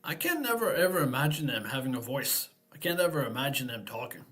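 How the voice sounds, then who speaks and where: A man's voice: medium pitch, big pitch swings, quick pace, a bit bright. A man hosting a casual live-stream Q&A, talking in an easygoing, rambling way and thinking aloud.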